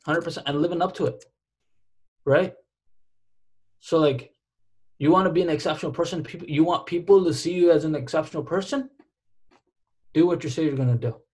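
Husky-voiced man giving pep talk. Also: fairly high pitch, fairly quick, pauses often, a little mellow. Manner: emphatic, repetitive, slangy, calls listeners dude and bro. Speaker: podcast co-host. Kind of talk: casual podcast chat.

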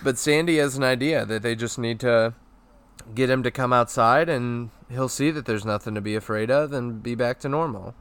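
A man's voice: mid-range voice, normal speed, fairly bright tone, smooth. A man on a podcast chatting and joking while recapping a cartoon episode. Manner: chatty, amused. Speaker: podcast co-host.

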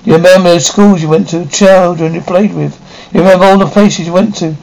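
A middle-aged mother who clings to her family, her voice gentle and pleading. The performance carries the theatrical polish of late-1950s television drama. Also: fairly low pitch, fairly even intonation, fairly quick, vocal fry, poor audio. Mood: anxious. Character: doting, anxious mother.

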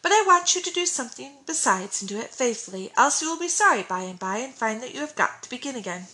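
A woman voicing a gentle, kindly motherly schoolmistress in a storybook reading. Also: fairly high pitch, big pitch swings, fast talker. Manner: gentle, warm instruction.

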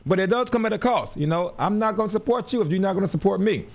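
A man's voice: high-pitched, lively intonation, quick pace, darkish tone. A man hosting a show, talking in a casual, rambling monologue that repeats words and breaks into laughs. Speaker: podcast host.

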